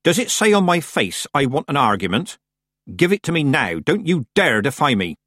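A male narrator puts on a commanding old witch woman who scolds and snaps. Her voice is husky and a touch raised, full of lively ups and downs. It is a dry, close audiobook reading. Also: mid-range voice, moderate pace, dry recording. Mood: scolding. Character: stern, sharp-tongued old witch woman. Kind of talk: audiobook character voice.

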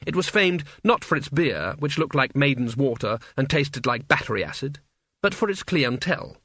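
Wry storybook narrator, man, husky tenor, dry and close. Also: medium pitch, sing-song, normal speed, fairly bright tone, dry recording. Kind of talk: audiobook narration.

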